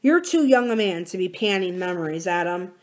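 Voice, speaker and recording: Woman reading as a soft-spoken wise old man. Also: fairly low pitch, lively intonation, natural voice. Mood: musing. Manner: soft, slow and musing. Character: wise, gentle older man, reflective.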